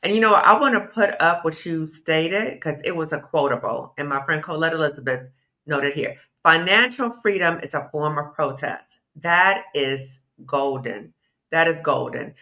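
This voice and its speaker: Woman host, bright tone, encouraging, measured questions. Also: low voice. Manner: affirming, asks measured questions. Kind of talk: interview host.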